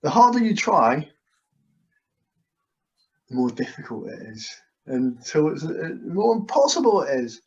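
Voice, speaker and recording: Brief: male hypnotist, slightly high voice, soothing repetitive delivery, lo-fi call audio. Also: very animated, unhurried, long pauses. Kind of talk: guided hypnosis session. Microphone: video call. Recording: dull lo-fi video call audio.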